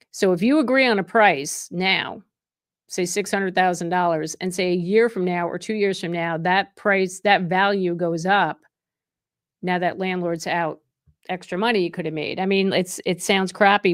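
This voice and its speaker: A middle-aged woman from New Jersey, a real estate agent chatting casually on a live stream, reading viewer comments and greeting people by name with excited bursts. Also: on the low side, moderate pace, dry recording, clean studio sound.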